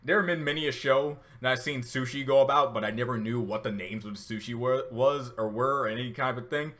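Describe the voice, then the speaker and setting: Bright-voiced man rambling through a reaction. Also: medium pitch, a little fast. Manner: rambling, many fillers and restarts; emotional, laughing through tears. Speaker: reaction video host. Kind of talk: casual reaction commentary.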